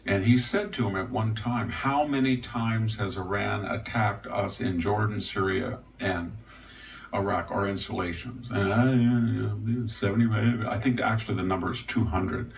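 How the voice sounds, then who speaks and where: An older man giving rambling, wry political commentary with a gravelly voice, now and then mocking others in their voices. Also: lowish voice, steady tone, moderate pace. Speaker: guest commentator. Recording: distant mic with faint noise.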